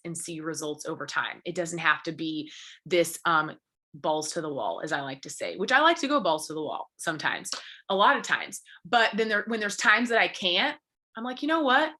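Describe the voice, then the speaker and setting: A woman's voice: lowish voice, pushed and bright. A young woman giving an earnest, encouraging talk as a business coach, rambling and full of fillers. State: briefly tearful. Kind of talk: motivational talk to her team.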